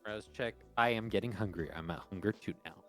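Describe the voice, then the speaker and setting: A tipsy man playing in a tabletop role-playing game, rambling excitedly about the rules. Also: lowish voice, a little fast, soft background music. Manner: excited, rambling, laughs often. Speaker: player. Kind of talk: casual tabletop game chat.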